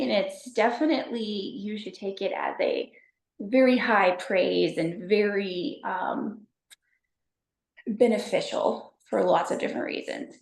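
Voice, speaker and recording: A woman from Texas, a podcast guest telling stories in a chatty, animated way, full of fillers. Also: medium pitch, gravelly, echoey room. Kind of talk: casual storytelling chat.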